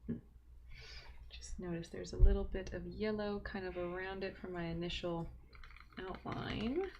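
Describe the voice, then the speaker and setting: Woman streaming her art from home, easy rambling chat, some vocal fry, light room hiss. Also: lowish voice, a little slow, darkish tone. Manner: chatty, talks to herself while drawing, drops into whispers. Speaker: livestream host drawing. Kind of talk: casual drawing livestream chat.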